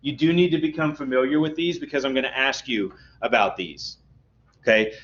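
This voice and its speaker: A male music instructor lectures in an everyday, mid-range voice, walking through definitions patiently and pausing to check that the class follows. The recording is dull and lo-fi, with the top end muffled. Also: medium pitch, a bit bright. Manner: explanatory, often checks understanding with "okay?".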